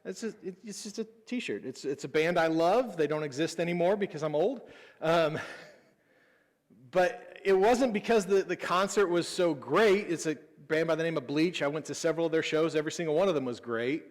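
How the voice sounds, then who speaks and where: Man, 30s, pastor, chatty personal sermon, self-deprecating humor, a bit high-pitched, long church reverb. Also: moderate pace. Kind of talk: conversational sermon.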